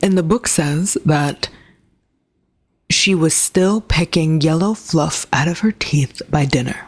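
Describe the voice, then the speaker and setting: A woman's voice: low-pitched, takes it slowly, breathy edge. A woman book reviewer retelling a plot in a chatty way, with sarcastic asides. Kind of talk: casual book review rant.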